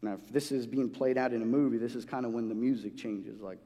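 A man's voice: medium pitch, steady tone, fast, mellow. A man preaching a sermon in a loose, conversational way, restarting phrases often and acting out the voices he quotes. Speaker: pastor. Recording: long hall reverb.

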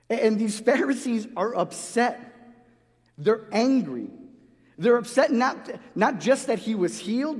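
A pastor with a high-pitched, slightly mellow voice preaches in a loose, conversational style, heard with long hall reverb. He frequently restarts phrases and acts out the voices of the people he quotes.

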